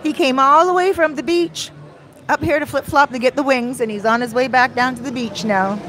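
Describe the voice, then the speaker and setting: Chatty woman vlogging outdoors, higher voice. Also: fairly quick, slight background noise. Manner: animated, acts out quoted dialogue. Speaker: vlogger and life coach. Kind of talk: casual storytelling vlog. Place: outdoors near a beach.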